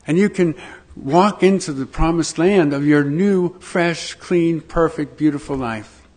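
A man preaching a sermon to his congregation, slow and emphatic, with dramatic pauses. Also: on the high side, darkish tone. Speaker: pastor.

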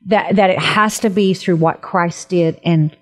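A woman's voice: fairly low pitch, unhurried. A woman co-hosting a Christian radio talk show, speaking earnestly and fervently as she leads listeners in prayer. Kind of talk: faith talk with a spoken prayer.

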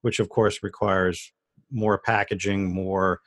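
Male co-host, low-ish voice, dry close sound, rambling questioner. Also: level tone, slow, no echo. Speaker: interview host. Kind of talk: asking questions.

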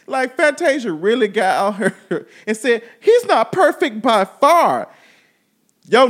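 Guy ranting hard on his podcast, kinda high voice, swearing nonstop. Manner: loud, exasperated, heavy swearing. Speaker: podcast host. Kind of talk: profane comedic rant.

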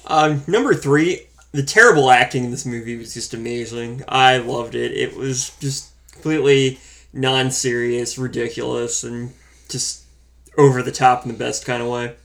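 A man's voice: medium pitch, moderate pace, vocal fry. Laid-back man reviewing a movie. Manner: relaxed and wry, counting off points. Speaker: podcast co-host reviewing a film. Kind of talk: casual movie review chat.

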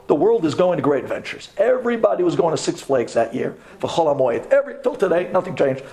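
A man who is a rabbi, telling a personal story to a class in a dramatic storyteller's manner, dropping to a hush at tense moments. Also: sits high, fast. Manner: animated, dramatic storytelling with sudden drops to a hush.

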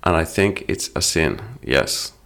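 Middle-aged male teacher, very low creaky voice, patient explainer of lyrics. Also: expressive, measured pace, fairly bright tone. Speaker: English teacher. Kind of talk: explaining song lyrics to learners.

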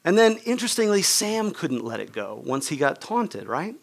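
A pastor giving a sermon as a man with a slightly high voice that swings widely in pitch. He tells the story casually, with lots of "like" and "right?" thrown in, and acts out each character's lines. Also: big pitch swings, normal speed, creaky. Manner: conversational, many "like" and "right?" asides.

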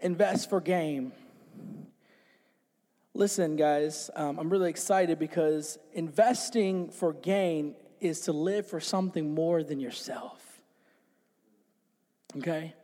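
A man with a notably high voice delivers an excited sermon, jumping about as he speaks and getting the small congregation to repeat his lines. His voice rings with a long reverb off the walls of the church hall. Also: takes it slowly, long pauses. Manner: call-and-response with congregation. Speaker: pastor. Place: small church with few people.

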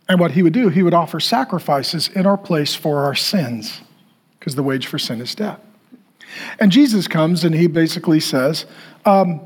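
A man preaching a sermon to a congregation, animated, with playful asides and sudden loud bursts. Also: fairly high pitch, breathy edge. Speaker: pastor.

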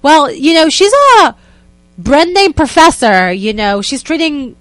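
A young woman, a guest telling a story in a lively, casual way and acting out what people said. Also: high voice, a little slow, no room sound. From Israel. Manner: animated, acts out quotes in other voices, many "like" fillers.

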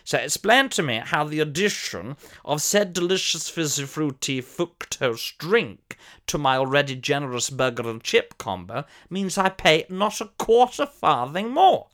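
A man's voice: fairly high pitch, big pitch swings, a little slow, a bit bright. A man playing a pompous, posh older former soap actor who tells a comic monologue in a plummy, theatrical voice with sudden shrieks.

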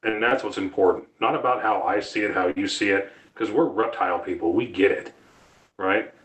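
Low-voiced man talking reptiles bluntly. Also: normal speed, a bit bright, poor audio. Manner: long rambling explanations, blunt opinions. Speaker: reptile keeper and party show guest. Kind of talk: casual podcast interview.

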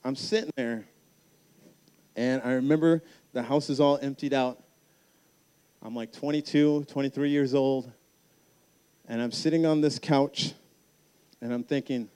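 Man preaching a soft-spoken testimony. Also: mid-range voice. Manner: emotional storytelling, dropping soft and slow on key lines. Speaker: camp speaker. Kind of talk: sermon with personal testimony. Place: large hall at a youth camp.

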